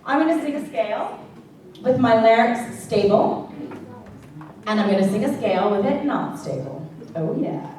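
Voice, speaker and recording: A woman vocal coach with a somewhat high voice teaches a singing class, chatty and checking in with her students often. She is picked up from across a very echoey room, with faint ambience behind her. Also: animated, normal speed, long pauses, a little mellow, distant mic. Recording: echoey classroom recorded from afar.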